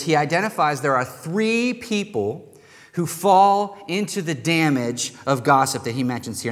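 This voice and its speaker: Guy preaching a sermon, gets loud and animated at times, big reverby church hall. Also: mid-range voice. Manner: animated, emphatic preaching with rising bursts. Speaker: pastor. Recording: long reverb in a large hall.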